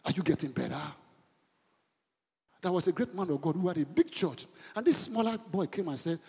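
A middle-aged Nigerian man preaches a sermon in a high, husky voice that carries a long reverb through the church hall. He swings from hushed asides to sudden loud bursts. He repeats words for emphasis. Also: expressive, fairly quick, long pauses. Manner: dramatic swings between soft asides and loud outbursts; code-switches mid-sentence, repeats words for emphasis. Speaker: pastor.

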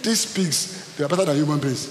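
A man preaching a sermon as pastor, dramatic and animated, acting out scenes. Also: on the high side, fairly quick. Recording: echoey hall with faint hiss.

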